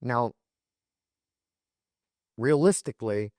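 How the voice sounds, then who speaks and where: A man's voice: medium pitch, lively intonation, takes it slowly, a little mellow, no room sound, studio quality. A man in his forties hosting a solo podcast, talking emphatically with frequent restarts and repeated words. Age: 40s. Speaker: podcast host.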